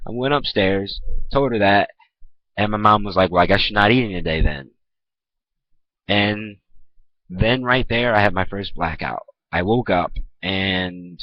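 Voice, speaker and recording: A young man telling a personal story in a blunt, profane, conversational vlog, acting out what people said. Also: no room sound. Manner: blunt, profane, conversational, acts out quoted lines. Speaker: vlogger. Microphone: camera mic. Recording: dull, muffled low-quality recording.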